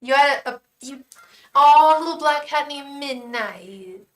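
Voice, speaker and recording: A woman's voice: sits high, slow, distant mic. A woman chatting casually on a live tarot stream from her room at home, often cooing baby talk at her cat. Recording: echoey room, voice off-mic, faint noise.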